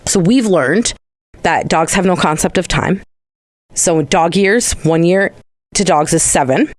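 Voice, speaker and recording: A woman's voice: on the low side, unhurried, no echo. A young adult woman, co-hosting a casual podcast chat, rambling through stories and swearing freely. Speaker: podcast co-host.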